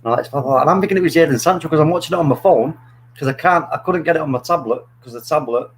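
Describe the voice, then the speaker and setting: A man hosting a casual football chat, telling stories in a rambling, animated way with many restarts. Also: a little high, fast talker, a little hiss or hum, rough recording. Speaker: podcast host.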